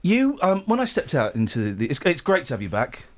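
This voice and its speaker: A man's voice: a little high, huge pitch swings, fairly quick. A man presenting a radio show, joking and teasing his co-hosts in rambling banter. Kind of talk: jokey studio banter.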